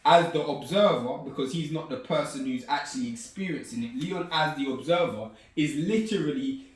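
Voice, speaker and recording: A man's voice: on the high side, moderate pace. Earnest man in a very echoey room. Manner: earnest, explaining, repeats you know what I'm saying. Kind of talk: reflective casual chat. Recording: very echoey room, far mic.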